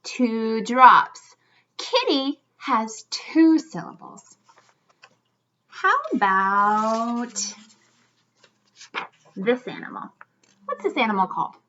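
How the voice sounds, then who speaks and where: Bright, lively-voiced woman teaching young children. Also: on the high side, slight background noise. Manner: clear, slow demonstrating speech for young learners. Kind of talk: children's lesson. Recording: slightly dull lo-fi sound.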